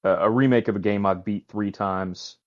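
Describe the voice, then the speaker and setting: A man's voice: fairly low pitch, fairly even intonation, moderate pace, dry recording, muffled recording. A middle-aged man co-hosting a gaming podcast in casual chat, hesitant with many ums, making wry jokes. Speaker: podcast co-host.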